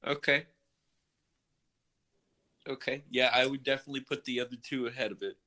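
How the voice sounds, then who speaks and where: A man co-hosting a casual music podcast, chatty and animated, often restarting and correcting himself. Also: mid-range voice, fairly quick. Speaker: podcast co-host.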